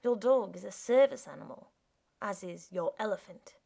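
A courteous, formal new boy, as a woman reader puts him on, speaks in careful, polite phrases. He spins tales of distant lands. The voice keeps a gravelly texture. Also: mid-range voice, sing-song, normal speed, dark tone, exaggerated voice. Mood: earnest. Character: polite foreign new boy, dreamy storyteller.

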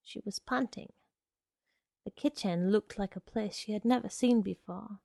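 A woman narrates literary fiction in an unhurried, hushed, low-key way. Her voice has a gravelly grain and keeps a slow pace. The recording is dry and close, with no room sound. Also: no room sound.

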